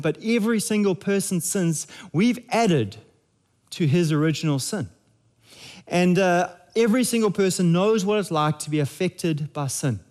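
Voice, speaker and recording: A man's voice: sits high, a little mellow. Casual-sounding pastor, man. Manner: conversational and jokey, with many restarts. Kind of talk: sermon.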